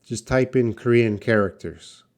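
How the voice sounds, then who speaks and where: A male English teacher hosting a live pronunciation class, speaking slowly and deliberately. He says each word over and over for learners and stops to answer questions from the chat. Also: mid-range voice, a little mellow. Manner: slow, repeats words for learners, answers chat. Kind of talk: live-stream pronunciation lesson.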